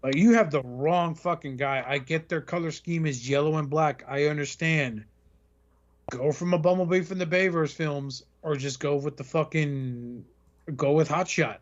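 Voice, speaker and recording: A man with a fairly high voice rants sarcastically through casual podcast banter, swearing at every turn. The sound is slightly muffled and lo-fi. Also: moderate pace. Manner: ranting, sarcastic, swears constantly, mock voices. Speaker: podcast host.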